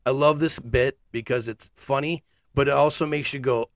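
A man's voice: mid-range voice, steady tone, moderate pace, no room sound, studio quality. A man hosting his own podcast, giving blunt, sarcastic, fiery commentary. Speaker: podcast host. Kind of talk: opinionated commentary.

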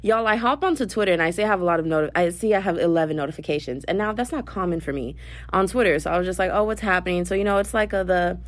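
Excitable woman chatting into phone. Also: on the low side, very fast, no room sound. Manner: chatty, excitable, gushing storyteller. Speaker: podcaster. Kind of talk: casual voice-note podcast chat. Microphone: phone voice memo.

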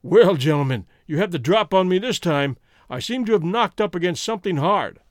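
A man's voice: sits high, expressive, a little fast, dry recording, clean studio sound. A man doing a fierce desperate outlaw. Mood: bitter. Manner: loud, fierce and pleading. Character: bitter desperate American male outlaw.

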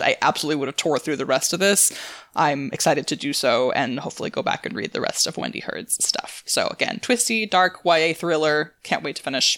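A woman's voice: low voice, a bit bright, no echo, studio quality. A woman co-hosting a book podcast in a casual, chatty way, laughing often and adding asides. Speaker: podcast co-host.

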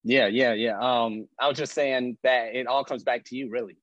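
A man's voice: mid-range voice, fairly even intonation, moderate pace, no echo. A man co-hosting a podcast, talking earnestly and encouragingly to listeners. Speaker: podcast co-host, physical therapist. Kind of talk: casual podcast talk. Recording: dry, muffled lo-fi sound.

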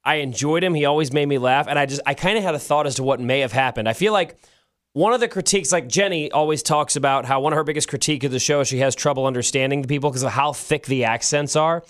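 A man co-hosting a show, chatting excitedly and casually, with frequent restarts. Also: fairly high pitch, quick pace. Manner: excitable, animated, restarts often. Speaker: radio show co-host. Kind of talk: casual chat.

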